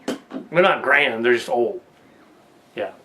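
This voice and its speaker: A man's voice: mid-range voice, lively intonation, slow pace, pushed and bright. A man hosting a casual political commentary monologue, rambling with frequent restarts and laughing at his own jokes. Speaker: host.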